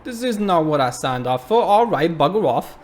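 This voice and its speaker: A man's voice: sing-song, normal speed. A man voicing a grumpy, rude English viewer in a put-on English accent, blunt and dismissive. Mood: annoyed. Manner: blunt, dismissive, raised pitch and louder.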